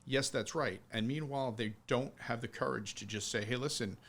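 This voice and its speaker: Animated, swearing male podcast co-host. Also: medium pitch, moderate pace. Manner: animated, swears freely, acts out quoted voices. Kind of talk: casual film chat.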